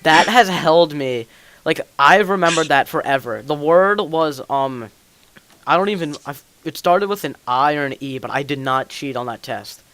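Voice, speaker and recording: A man's voice: a little high, lively intonation, moderate pace, fairly bright tone, no room sound. A teenage man hosting a casual gaming podcast, rambling through school stories with lots of fillers. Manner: rambling storyteller, many fillers. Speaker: podcast host. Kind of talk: casual chat while gaming.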